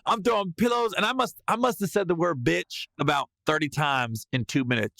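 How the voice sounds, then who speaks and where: A man hosting a podcast, telling a comedic story in a lively way and breaking into loud yelled reenactments. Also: fairly high pitch, brisk, vocal fry, hardly any pauses, no room sound. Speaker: podcast host.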